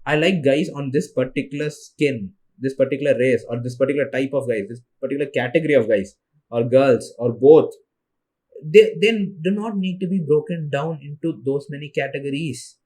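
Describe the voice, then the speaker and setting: A young man, a native Tamil speaker, talks alone into his podcast in a loose, rambling way. He sounds tired and sleepy, trails off and restarts his sentences, at an ordinary mid pitch for a man. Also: normal speed, darkish tone. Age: young adult. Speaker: solo podcast host. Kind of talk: casual monologue.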